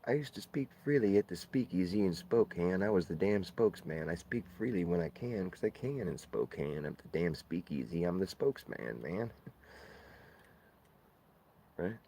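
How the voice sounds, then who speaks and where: A man's voice: sits low, animated, moderate pace, dark tone, slight background noise. A man on a live stream, talking in a rambling, profane rant full of playful wordplay.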